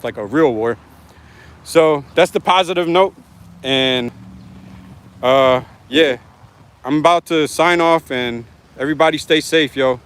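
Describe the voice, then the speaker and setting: A man hosts his own livestream, talking into his phone in casual, rambling, slangy chat and reading out viewer comments as he goes. His voice sits on the high side and sounds a bit bright.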